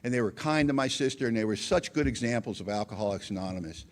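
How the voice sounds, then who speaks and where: A man's voice: medium pitch, expressive, fast talker. Man, middle-aged, mid-range voice, personal recovery story, casual storytelling. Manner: conversational storytelling that acts out quoted dialogue. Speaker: recovery meeting speaker.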